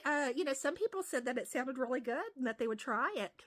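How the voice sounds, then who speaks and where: High-voiced woman telling a rambling story. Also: fairly quick, hardly any pauses, fairly bright tone. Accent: Appalachian. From West Virginia. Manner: rambling, many fillers and restarts. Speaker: comedian vlogger. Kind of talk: casual storytelling.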